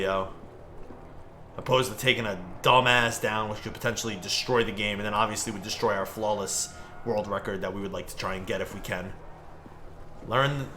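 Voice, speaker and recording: A young man talks through his gameplay in a loose, rambling way, dropping "like" and "bro" into nearly every sentence. His voice is bright and forward, with a faint hiss of noise underneath. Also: lowish voice. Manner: laid-back, rambling, heavy use of "like" and "bro". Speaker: gaming streamer. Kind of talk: casual gameplay commentary chatting with viewers.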